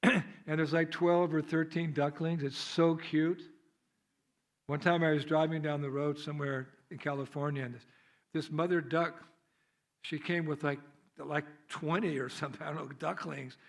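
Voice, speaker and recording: A man's voice: a little high, steady tone, moderate pace. A man with an American accent giving a devotional sermon at a temple, telling stories in a chatty way, laughing often and acting out the scenes. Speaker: visiting monk speaker. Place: temple hall.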